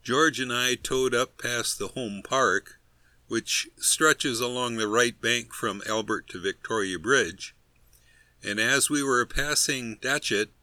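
Bright-toned man narrating wryly. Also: medium pitch, no room sound. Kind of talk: scripted narration.

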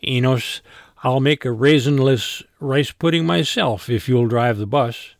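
Audiobook: man doing a snappy, sarcastic woman, raised pitch, blunt delivery. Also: unhurried, creaky, dry recording, studio quality. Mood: persuasive. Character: sarcastic blunt woman, nursing home coworker. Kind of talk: audiobook character voice.

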